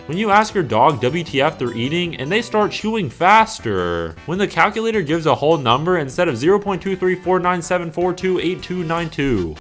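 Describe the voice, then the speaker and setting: A man reads meme captions aloud in a deadpan way, his fairly high voice swinging widely in pitch from line to line. Faint music plays underneath. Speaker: meme compilation narrator.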